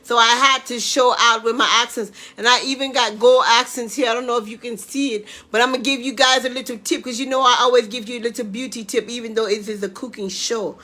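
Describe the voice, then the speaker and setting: A woman's voice: a little high, fairly even intonation, fast, few pauses, pushed and bright. A woman hosting her own home cooking live stream, chatting casually and often checking in with "okay?". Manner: chatty, tags lines with "okay?". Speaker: home cooking show host.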